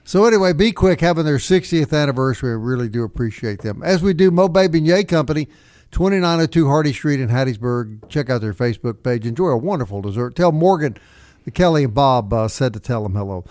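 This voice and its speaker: A man's voice: mid-range voice, animated, darkish tone, no room sound. A middle-aged man with a Southern accent from Mississippi, co-hosting a casual radio talk show and telling folksy stories with long asides. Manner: folksy storytelling, drawn-out asides. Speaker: radio co-host. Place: radio studio. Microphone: studio mic.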